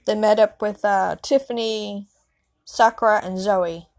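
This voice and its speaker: A woman telling an improvised story in a rambling, halting way with many restarts. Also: medium pitch, fairly even intonation, background noise.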